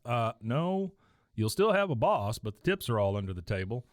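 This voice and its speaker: A man's voice: medium pitch, very animated, a little fast, no room sound. A man in casual podcast chat, walking through scenes and reading out bits of dialogue. He laughs often and lightly changes his voice for the quotes. The sound is close and dry, with no room around it. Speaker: podcast co-host recapping an episode.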